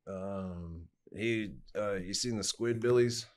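Low-voiced rambling male storyteller. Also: takes it slowly. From United States. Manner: rambling storyteller, swears casually, many fillers. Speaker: podcast guest, musician. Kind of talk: casual chat.

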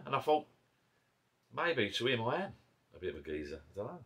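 A man's voice: mid-range voice, very animated, a little fast, pauses often, fairly bright tone, slightly rough. A man with an Essex accent chatting casually over beers in his garden pub shed, rambling and breaking off mid-thought. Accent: Essex English. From Essex, England. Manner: rambling, chatty, self-interrupting. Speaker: vlogger. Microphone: camera mic.

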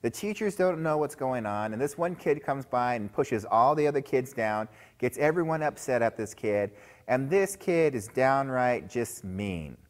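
A man's voice: mid-range voice, lively intonation, moderate pace. A man giving a chapel sermon to school children, telling a story and often calling them guys. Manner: storytelling, addresses listeners as guys.

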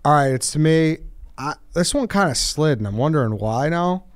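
A man's voice: on the high side, lively intonation, moderate pace. A man hosting a casual podcast, keeping the conversation moving in an easygoing way. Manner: easygoing, moves the conversation along. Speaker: podcast host running a draft.

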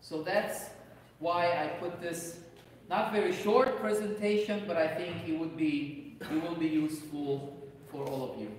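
Romanian-accented priest in an echoey hall. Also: male voice, on the high side, a little slow, distant mic. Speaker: priest lecturer. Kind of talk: parish lecture. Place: large echoey church hall.

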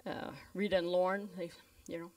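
Speaking fairly quickly in a fairly low voice, this woman pastor from Canada tells stories during her sermon. She brings her characters to life by performing their voices. The mic picks her up from a slight distance.

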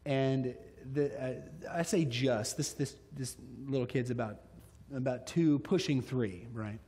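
A middle-aged man preaching a sermon, telling stories with lively delivery and acting out little voices. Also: medium pitch, a little slow. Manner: animated storytelling, acts out voices. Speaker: pastor. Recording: echoey hall.

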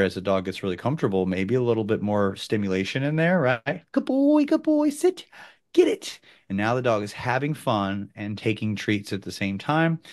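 Male dog trainer, thirties, low voice, animated instructional talk. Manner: animated, bursts into loud quoted outbursts.

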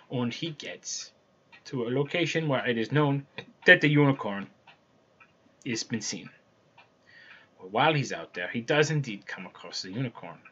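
A man's voice: mid-range voice, fairly bright tone, slightly rough. A man casually retelling a fairy tale in a loose, conversational way, with restarts as he goes. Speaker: storyteller. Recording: dull lo-fi recording.

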